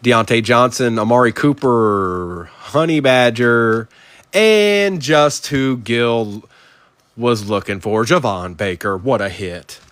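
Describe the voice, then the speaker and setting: A man's voice: mid-range voice, takes it slowly, fairly bright tone, clear, resonant tone, no room sound. A man hosting a live sports card break, reading out player names and chatting with viewers.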